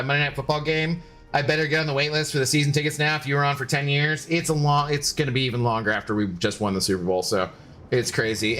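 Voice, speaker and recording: A man's voice: a little high, a bit bright. A young man streaming a game, chatting casually and jokingly with his viewers as he plays. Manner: chatty, rambling, joking with chat.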